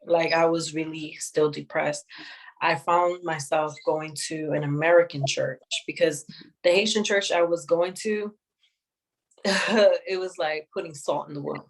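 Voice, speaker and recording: A woman sharing a personal testimony in an interview, speaking in a measured, reflective way with many pauses. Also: low-pitched, fairly even intonation, low-quality recording. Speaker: guest sharing her testimony.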